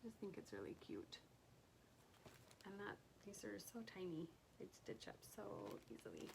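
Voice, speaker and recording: A woman's voice: medium pitch, big pitch swings, moderate pace, creaky, background noise. A woman chatting casually about her craft haul, gushing over each item and often dropping to a near whisper. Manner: gushing, soft-spoken, often drops to a whisper. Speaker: cross stitch vlogger.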